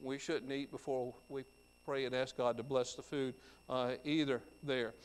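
A pastor preaching a sermon, reading scripture aloud and explaining it verse by verse. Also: male voice, mid-range voice, little pitch movement, normal speed, clean tone. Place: church sanctuary. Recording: church hall with long reverb.

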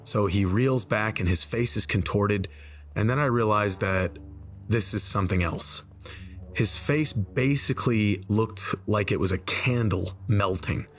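Low-voiced man telling a story. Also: faint music behind. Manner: conversational, slows down for tense moments. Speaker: storyteller and game video creator. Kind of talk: casual spoken storytelling. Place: voice-over over gameplay footage. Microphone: desk microphone.

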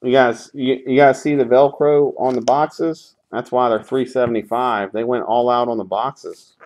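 A man's voice: medium pitch, steady tone, moderate pace, a little mellow. A man hosting a live sports card break, calling out pulls in a sarcastic, grumbling, profane way.

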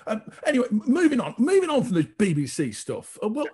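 A man's voice: extremely high pitch, huge pitch swings, quick pace, a little mellow, husky. A man presenting a radio show, trading jokes in casual banter and chuckling at himself. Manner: jokey, chuckling, self-mocking banter.

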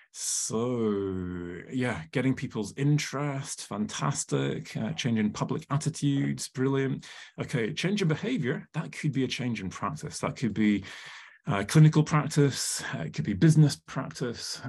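Husky man running an online workshop. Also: medium pitch, a little mellow. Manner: chatty, lots of ums and uhs, asks the audience questions. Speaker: workshop presenter. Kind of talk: live online workshop teaching.

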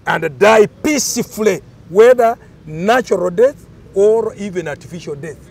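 A man's voice: sits high, animated, unhurried, gravelly, slightly rough. An older man, explaining cultural traditions in an emphatic, storytelling way during an interview.

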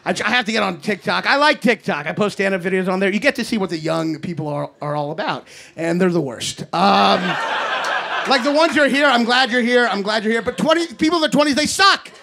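A man in his thirties doing a stand-up set in a comedy club, ranting in an exasperated way and shouting his punchlines into a handheld mic. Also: sits high, expressive, brisk, creaky. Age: 30s. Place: comedy club basement before a live audience. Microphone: handheld stage microphone. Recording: live club recording with audience noise. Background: audience laughter.

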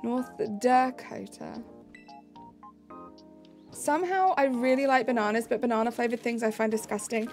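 A woman's voice: fairly high pitch, expressive, fast, hardly any pauses, a little mellow, soft background music. A young woman live streaming, answering chat messages in a bubbly, casual way.

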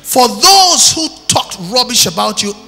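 A man preaching an impassioned sermon, shouting one moment and dropping low the next, recorded live in church. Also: sing-song, measured pace, creaky, over music. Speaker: pastor. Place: church hall. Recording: live church recording with long hall reverb.

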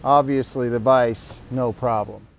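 A man's voice: mid-range voice, steady tone, unhurried, creaky, slight background noise. A man presenting his company's tool in a casual, upbeat product demonstration with salesman energy, in a workshop.

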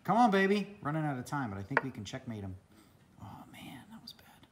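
A man's voice: mid-range voice, animated, a little fast, noisy background. A man talking casually to camera at home in a vlog, chatty, often laughing and muttering to himself. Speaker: vlogger. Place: home indoors.

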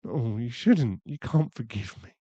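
A man's voice: medium pitch, animated, a little slow, mellow, no room sound, dull audio. A man voicing a young boyfriend who is hot-tempered but remorseful, in a whispered role-play, swearing and then murmuring apologies. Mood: tender.

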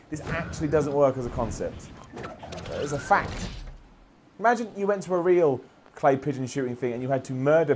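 Brief: games journalist, slightly high voice, lively self-mocking play-by-play. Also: male voice. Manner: self-deprecating, swearing, muttering to himself. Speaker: games journalist playing a video game. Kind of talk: gameplay commentary.

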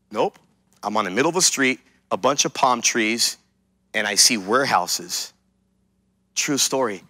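Bright-voiced preacher telling a story. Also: male voice, mid-range voice, lively intonation, unhurried, pauses often, no room sound. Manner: storytelling, then emphatic declarations. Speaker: pastor. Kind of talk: sermon with personal testimony.

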